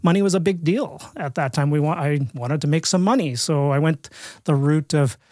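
A middle-aged Canadian man tells a long story as a podcast guest, with a somewhat high voice. He talks in a loose, chatty way, repeating words and starting over. The sound is dry and close. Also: moderate pace, dark tone, no echo. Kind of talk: storytelling in a casual interview.

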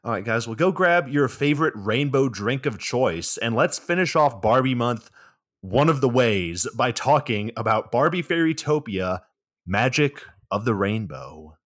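A man's voice: mid-range voice, sing-song, a little slow, a bit bright. A man co-hosting a podcast, giving a sarcastic, swearing recap of a movie in casual chat. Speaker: podcast co-host.

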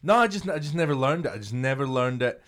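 A man's voice: medium pitch, animated, quick pace, fairly bright tone. A young man chatting casually on a podcast. He tells his stories in a laid-back way, swearing freely as he goes. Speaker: podcast host. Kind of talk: casual chat.

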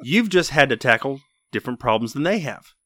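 Male podcast co-host, middle pitch, laid-back joking and reassuring, dry close sound. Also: very animated, fairly quick, a bit bright, dry recording. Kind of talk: casual chat.

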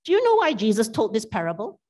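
A woman's voice: fairly high pitch, wildly swooping pitch, fast, darkish tone. A woman preacher, telling a parable in a sermon and teasing the congregation with questions.

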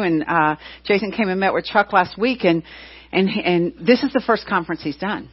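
A woman's voice: lowish voice, normal speed, slightly rough. A middle-aged woman who leads a church gives casual announcements, a chatty storyteller who fills her talk with "you know" and retold dialogue. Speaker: church leader. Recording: dull, muffled lo-fi recording.

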